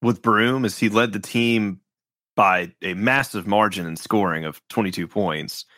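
A man's voice: lowish voice, unhurried, pushed and bright, no room sound, studio quality. A man hosting a casual sports podcast, rambling through game stats with a wry tone and frequent restarts. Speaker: podcast host.

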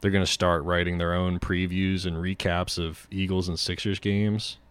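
A man's voice: low-pitched, level tone, normal speed, clean tone, no room sound. A man hosting a casual sports podcast, rambling through riffs and swearing freely. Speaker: podcast host.

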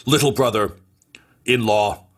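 A man's voice: medium pitch, a little slow, husky. A man voicing a pompous, boastful male warrior with many wives, who talks in a grand, lecturing way during a tabletop game.

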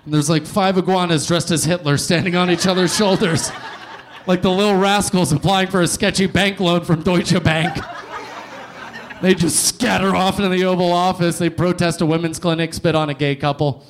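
A man's voice: sits high, steady tone, normal speed, slight background noise. Sardonic young male stand-up host. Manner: sardonic, riffing, swearing. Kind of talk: stand-up comedy set. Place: comedy club stage.

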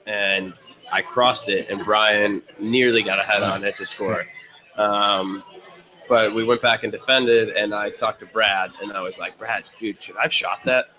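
A young man, a soccer player, chatting casually as a guest, laid-back and quick to laugh. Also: lowish voice, steady tone, sharp tone, low-quality recording. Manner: laid-back, laughs often, filler-heavy. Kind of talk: casual interview chat.

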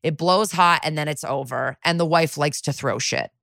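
A woman's voice: sits low, moderate pace, creaky, a bit bright, no echo, studio quality. A woman co-hosting a podcast, casually recapping a TV episode in a chatty way, saying "like" a lot and swearing freely. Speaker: podcast co-host.

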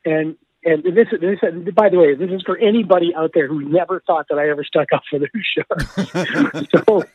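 A man recounts stories from the broadcast booth with excitable energy, laughing and repeating words as he goes. His voice sits on the higher side. The sound is thin and phone-like, with no room around it. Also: moderate pace, slightly rough, no echo. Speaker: hockey broadcaster. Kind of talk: animated storytelling. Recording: tinny phone-like line, dry.

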